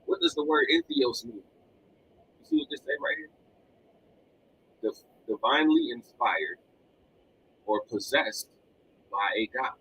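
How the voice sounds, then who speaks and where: A mid-range male voice with vocal fry and a breathy edge moves at a measured pace, leaving long pauses. He's a podcast host with children, giving an energetic, repetitive, animated motivational live stream from a home room full of collectibles. The audio is poor.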